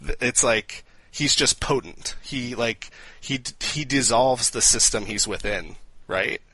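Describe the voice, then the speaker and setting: A man co-hosting a podcast, chatting casually and telling jokes in a lively way with lots of fillers. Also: medium pitch, measured pace, breathy edge, no room sound, low-quality recording. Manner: animated joke-telling with frequent fillers. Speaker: podcast co-host.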